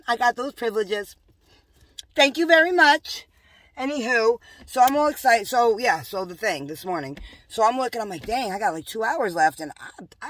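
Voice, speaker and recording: A woman's voice: fairly high pitch, no room sound. Rambling fervent woman, dry sound. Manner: rambling and fervent, swinging between hushed asides and loud outbursts; talks straight to viewers, addressing them as y'all. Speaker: vlogger. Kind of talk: rambling personal monologue.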